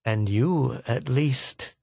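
A man's voice: fairly high pitch, steady tone, measured pace, no room sound. Guy doing a frail half-paralyzed physicist, weak voice, kinda wistful.

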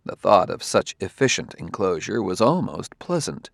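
A man reading a novel aloud as audiobook narrator, in a measured, steady way. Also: low-pitched, vocal fry, no room sound, studio quality. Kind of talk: scripted narration.

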